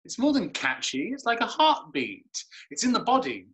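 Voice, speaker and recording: A man's voice: high voice, big pitch swings, normal speed, fairly bright tone. A man playing Macbeth as a character who knows he lives in a play, teasing and fond of reciting verse in an educational drama. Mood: knowing. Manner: knowing, lightly teasing, likes reciting verse.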